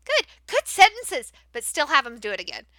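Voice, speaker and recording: A woman teacher demonstrating how to run a class for young learners, switching between explaining to other teachers and modeling big, excited praise for kids. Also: high voice, moderate pace, no echo. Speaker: teacher trainer. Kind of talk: training demo, modeling classroom talk.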